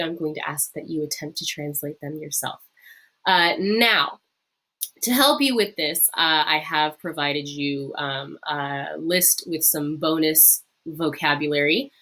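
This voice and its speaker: A woman with a slightly low voice leads a recorded online lesson. She says phrases slowly and clearly for learners to repeat. In between she explains them in a friendly, informal way, with the odd um and uh. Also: sharp tone. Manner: slow, drawn-out modelling of phrases to repeat. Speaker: Latin teacher.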